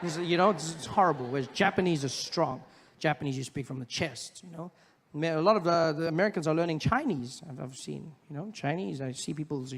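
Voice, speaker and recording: A man doing stand-up comedy, animated and slipping into exaggerated character voices. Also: on the high side, brisk, big-room sound. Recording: live stand-up with audience noise.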